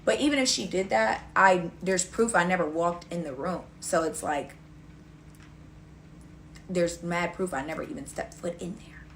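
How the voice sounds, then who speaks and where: Young woman ranting a storytime, bright edgy voice, blunt n swears a lot, acts out who said what. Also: lowish voice, moderate pace, creaky, slight background noise. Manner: blunt, profane, acts out quoted dialogue. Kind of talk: casual storytime rant.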